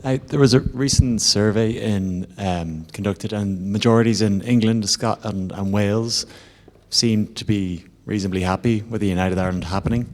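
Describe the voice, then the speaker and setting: A man in the audience asking a measured question of the panel. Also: sits low, a little mellow. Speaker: audience member. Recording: long reverb of a lecture hall.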